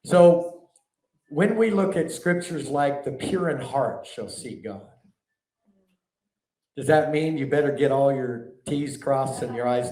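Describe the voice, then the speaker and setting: A man's voice: medium pitch, a little mellow. Man, preacher, conversational sermon, asks the crowd questions, roomy hall sound, distant mic. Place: large hall before a live audience.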